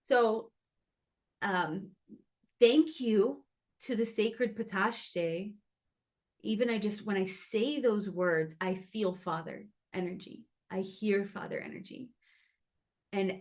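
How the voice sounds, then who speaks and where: A woman who founded a cacao brand, casually and earnestly sharing a spiritual story with her online community from a hotel room, full of "like"s and restarts. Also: medium pitch. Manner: earnest, emotional, many "like"s and restarts.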